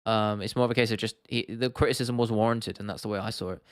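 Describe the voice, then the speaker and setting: A man's voice: fairly low pitch, steady tone, fast talker, no echo. Young english guy on a home livestream, rambly, laughs a lot, dry mic. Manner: rambling, restarts often, laughs easily. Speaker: livestream host. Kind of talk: casual livestream chat, reading out comments.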